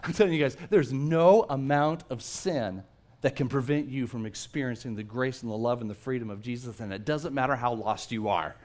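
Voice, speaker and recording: A male pastor giving a sermon, telling a story in a lively way and often repeating his first words. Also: medium pitch, fairly quick. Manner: storytelling, animated, repeats words when starting.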